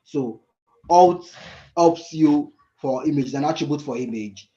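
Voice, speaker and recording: A man mentoring frontend coders in a live screen-share lesson, thinking aloud and often pausing to search for the right word. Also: on the high side, mellow, highs cut off.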